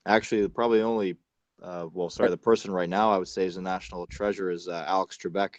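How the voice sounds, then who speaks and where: Canadian guy guest, low voice, halting and casual, dry sound. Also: steady tone, no echo, highs cut off. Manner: halting, many uh fillers and restarts. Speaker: guest wrestler. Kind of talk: casual interview chat.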